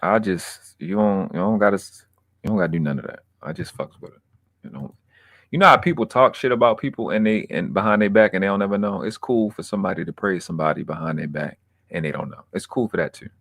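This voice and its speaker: Man, young adult, very low voice, casual profane livestream chatter, dry close sound. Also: expressive, fast, creaky, a bit bright, no room sound. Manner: loose, profane, rambling with restarts. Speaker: livestream host reading chat.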